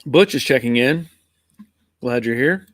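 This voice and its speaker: A middle-aged American man, his accent sitting between Northern and Southern US, chatting with his live viewers in an easygoing, rambling way. His voice sits at an ordinary male pitch. The sound is close and dry, with no room echo. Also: lively intonation, a little slow. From Pennsylvania, USA. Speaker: live stream host. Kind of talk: casual live chat reading viewer comments.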